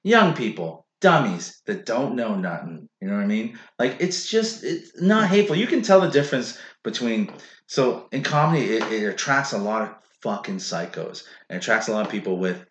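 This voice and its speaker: A man's voice: fairly low pitch, big pitch swings, moderate pace. A man hosting a podcast in loose, rambling chat, swearing freely and leaning on "like". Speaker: podcast host and comedian. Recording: roomy echo.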